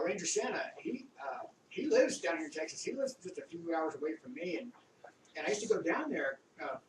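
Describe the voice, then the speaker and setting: A middle-aged man swaps old Army memories in a loose, rambling, profane monologue. His voice sits a little high. He sounds distant from the mic in an echoey room, with a faint hiss of background noise. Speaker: Army veteran reminiscing.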